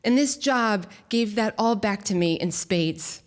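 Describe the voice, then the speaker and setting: A woman telling a comic, animated story live on a theater stage. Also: medium pitch, a little slow. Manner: comic and animated, acts out quotes. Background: audience.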